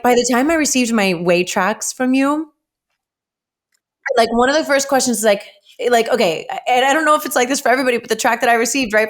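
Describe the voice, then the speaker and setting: A woman hosting a podcast, talking casually and emphatically with lots of "like". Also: on the high side. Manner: chatty, emphatic, heavy use of "like". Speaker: podcast host. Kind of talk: casual podcast chat and ad read.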